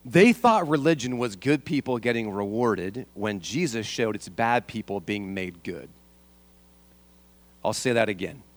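A man's voice: on the low side, lively intonation, measured pace, dry recording. A man preaching a sermon as a pastor, asking the congregation rhetorical questions and repeating his key lines.

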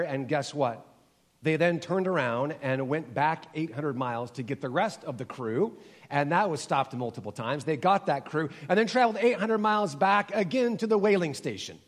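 A man in his forties preaching a sermon in a church, building to emphatic repeated exhortations and then dropping low and soft. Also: in a large hall. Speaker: pastor.

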